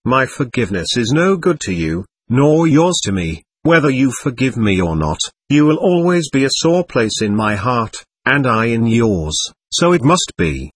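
A man's voice: medium pitch, very animated, measured pace, slightly rough, no room sound, studio quality. A man voicing a proud young woman who speaks with nervous haste. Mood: agitated. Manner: nervous and hasty.

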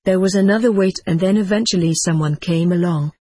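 Male memoir narrator, wry and dry delivery, husky voice, close and dry sound. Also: high voice, a little fast, mellow, no room sound. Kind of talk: first-person memoir narration.

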